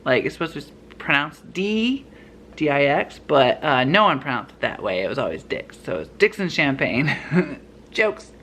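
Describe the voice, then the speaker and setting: A man's voice: a little high, sing-song, normal speed, bright, forceful tone, a little hiss or hum. A young man chatting playfully while shopping in a home goods store, laughing often as he films. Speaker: vlogger. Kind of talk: casual vlog chat while shopping.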